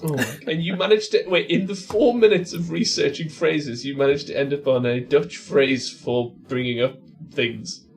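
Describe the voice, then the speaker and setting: A man co-hosting a comedy podcast, firing off quick, incredulous questions in casual banter. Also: fairly high pitch, steady tone. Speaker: podcast co-host.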